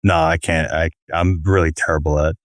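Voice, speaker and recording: A man's voice: a bass voice, fairly even intonation, normal speed, dry recording. Man, podcast guest, casual rambling stories, self-deprecating, dry close sound. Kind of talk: casual comedy podcast chat.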